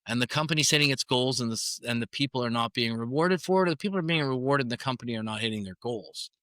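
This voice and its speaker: Bright-voiced middle-aged man telling sales stories. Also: mid-range voice, fast talker, dry recording, clean studio sound. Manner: rambling, many restarts and "right?" tags. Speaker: sales coach and guest. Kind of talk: storytelling interview answers.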